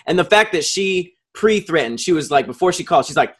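A man co-hosting a podcast, talking in a quick, joking, conversational way. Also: high-pitched, expressive, a bit bright. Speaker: podcast co-host. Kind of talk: casual chat.

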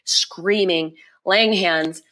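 A young woman guest on a podcast, telling her personal testimony in an emotional, quick retelling full of repeated phrases. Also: on the low side, a bit bright.

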